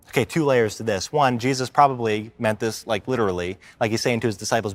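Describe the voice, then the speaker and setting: A man preaching a sermon as a church minister, talking casually and slowing down to stress key points. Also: mid-range voice, no echo. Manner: conversational preaching, acts out quoted complainers, slows for emphasis. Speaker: life group minister preaching.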